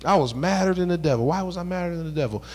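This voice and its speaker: A fairly high-pitched man in his thirties preaching a midweek sermon. He talks to the congregation in a relaxed, conversational way, then lifts into emphatic, rising bursts. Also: racing, faint music behind. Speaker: pastor.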